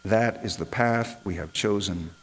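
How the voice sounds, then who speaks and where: A man's voice: lowish voice, measured pace, breathy edge, rough recording. Impassioned man preaching a sermon. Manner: impassioned, rhetorical repetition. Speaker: minister.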